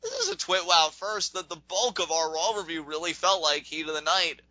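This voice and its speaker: A man's voice: a little high, big pitch swings, moderate pace, pushed and bright, no echo, poor audio. A man co-hosting a podcast, chatting casually about wrestling, rambling and laughing as he acts out quotes. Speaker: podcast co-host. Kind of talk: casual wrestling review chat.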